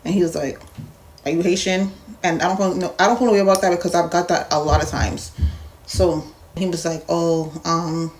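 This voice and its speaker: A young woman from Jamaica telling a story in a casual vlog, blunt and animated, acting out the dialogue as she goes. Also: lowish voice, fairly quick, slight background noise. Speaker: vlogger.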